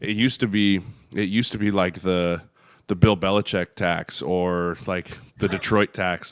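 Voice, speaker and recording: A man with a very deep, low voice talks football in blunt, emphatic bursts, cursing freely. His sound is dry and close on a podcast mic. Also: steady tone, a little slow, no echo. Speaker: podcast co-host, former offensive lineman. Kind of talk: casual sports chat.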